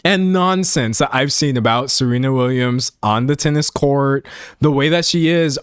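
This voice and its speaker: A young man in casual reaction commentary, talking in quick emphatic bursts as he reacts to clips. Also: medium pitch, clear, resonant tone, dry recording, studio quality. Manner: animated, talks fast in bursts, emphatic.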